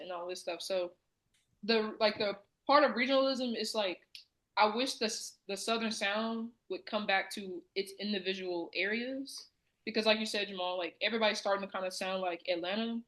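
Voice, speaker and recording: A woman's voice: mid-range voice, steady tone, fairly quick, a bit bright, rough recording. Southern woman on a podcast, rambling chatty style with lots of likes. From American South. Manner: chatty, many fillers. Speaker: podcast co-host. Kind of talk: casual chat.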